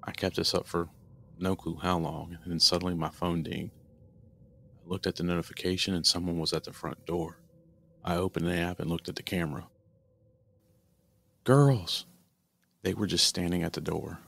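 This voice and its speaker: A man reads a horror story in the first person, in a very deep, gravelly voice. His delivery is steady and earnest, and a faint hiss sits behind him. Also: a little fast. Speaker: narrator.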